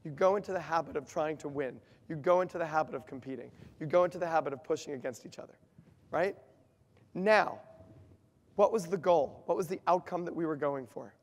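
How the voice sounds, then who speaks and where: A man's voice: fairly high pitch, fairly quick. A man giving an interactive workshop talk, quizzing his audience and explaining in an emphatic way. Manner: asks the audience questions, lively and emphatic. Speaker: workshop speaker. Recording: long reverb of a hall.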